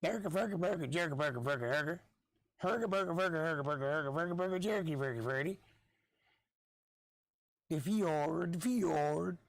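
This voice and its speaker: A goofy Nordic babbler chants sing-song gibberish in a high, bouncing voice, as a hoarse man puts him on. The sound is dry and close, with no room around it. It comes across as broad and cartoonish. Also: animated, normal speed, long pauses, no room sound.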